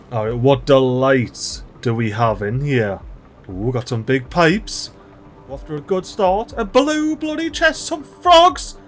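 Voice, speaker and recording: A man with a Geordie accent giving excitable, slangy, mildly sweary commentary as he plays a game. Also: a little high. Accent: Geordie, North East England. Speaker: let's play host. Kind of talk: gameplay commentary.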